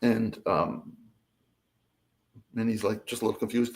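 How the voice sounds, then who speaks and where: Male interview guest, animated storyteller, pitch swinging widely. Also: moderate pace, long pauses. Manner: expressive, lively, acts out quotes. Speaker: guest, abductee.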